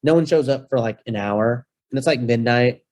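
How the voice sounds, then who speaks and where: A man of Mexican heritage, a rental-business guest on a podcast, telling a story in a playful, animated way with acted-out quotes. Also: mid-range voice, moderate pace. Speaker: guest, short-term rental host. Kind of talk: casual storytelling.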